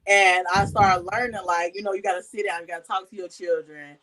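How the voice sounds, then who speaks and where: A woman sharing a personal story in casual talk, animated and acting out the voices she quotes. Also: mid-range voice, fairly quick, a little hiss or hum, rough recording. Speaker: guest.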